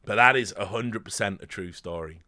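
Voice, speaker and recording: A man's voice: lowish voice, a little fast, no echo, clean studio sound. A man casually telling a behind-the-scenes story, swearing often and acting out the voices of the people he quotes. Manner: animated, swearing, with frequent fillers and quoted voices. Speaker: host.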